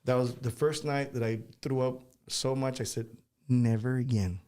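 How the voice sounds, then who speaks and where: A man, a guest musician, telling casual stories in an animated way and laughing as he talks. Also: mid-range voice, normal speed. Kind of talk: casual storytelling.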